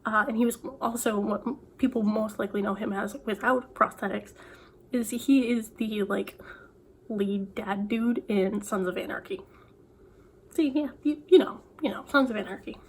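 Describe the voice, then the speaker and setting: A woman's voice: mid-range voice, moderate pace, slight background noise. A young woman author chatting casually to camera, rambling with many "like"s and restarts. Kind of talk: casual vlog chat.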